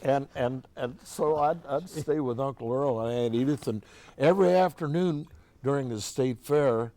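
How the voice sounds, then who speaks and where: A man's voice: medium pitch, normal speed, mellow. An older man from Oregon, a musician as interview guest, telling long folksy anecdotes in a chatty way with frequent restarts. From Oregon, USA. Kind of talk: casual storytelling.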